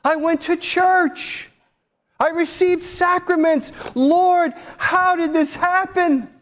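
A man voicing a sobbing lost soul who pleads with God in a high, wailing voice. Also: fairly even intonation, takes it slowly, fairly bright tone, full character voice. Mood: anguished pleading.

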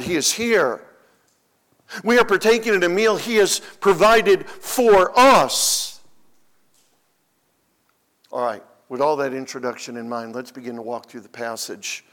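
Male pastor, higher-pitched voice, emphatic sermon delivery with repetition. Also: fairly bright tone. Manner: emphatic preaching with repeated phrases.

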